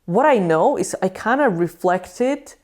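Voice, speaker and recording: Woman vlogger, mid-pitched, blunt and animated, talks straight to camera. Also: measured pace. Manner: blunt, animated, acts out quoted friends. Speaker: video creator. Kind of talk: casual advice talk to camera.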